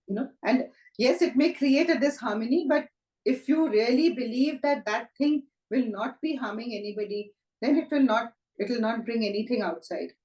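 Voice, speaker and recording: A woman, a Reiki teacher speaking gently and reflectively in a conversational talk, often asking rhetorical questions. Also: a little high, moderate pace, roomy sound, lo-fi sound. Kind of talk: conversational talk on self-help.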